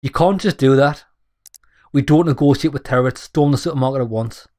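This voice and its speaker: Young male gamer, rapid, blunt, sweary let's play commentary. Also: mid-range voice, warm tone. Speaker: gaming YouTuber. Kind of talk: let's play commentary, reading game text aloud.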